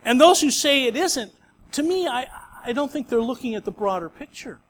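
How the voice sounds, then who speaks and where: High-voiced man preaching a sermon. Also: animated, normal speed, fairly bright tone. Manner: conversational storytelling preaching. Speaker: pastor.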